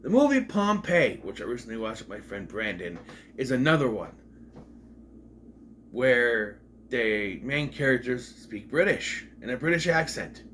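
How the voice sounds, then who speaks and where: A man talking through a TV episode in a loose, rambling way, full of jokey asides. His pitch sits in an ordinary middle range. A faint hiss of background noise runs under the recording. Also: sing-song, measured pace, fairly bright tone. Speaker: video reviewer. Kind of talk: casual retrospective commentary.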